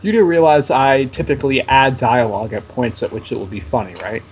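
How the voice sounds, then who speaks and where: A man's voice: mid-range voice, fairly quick, a little mellow, husky. A man casually co-commenting on a game, dry and teasing, reading the on-screen text aloud. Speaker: let's play co-host. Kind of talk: casual gameplay chat.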